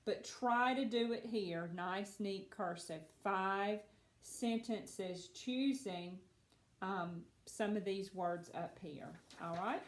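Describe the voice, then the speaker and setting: A woman teaching a phonics lesson to children, patient and encouraging, speaking slowly and clearly. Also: mid-range voice, roomy sound.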